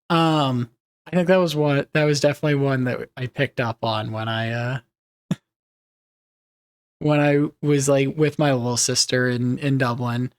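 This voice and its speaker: A young man chatting casually on a live stream, rambling and reading chat messages aloud with easy laughs. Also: on the high side.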